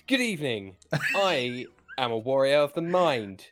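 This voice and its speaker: A pompous scholar puffing himself up as a fighter, as a man acts him out. His speech is formal and theatrical, with a lively, swooping pitch. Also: unhurried, over music. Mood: grandiose. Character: pompous male scholar posing as a warrior.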